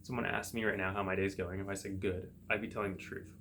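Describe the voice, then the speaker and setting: A man, a psychotherapist hosting his own show, thinking aloud in a relaxed solo monologue with everyday examples. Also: low-pitched, fast, slight background noise. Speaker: psychotherapist podcast host.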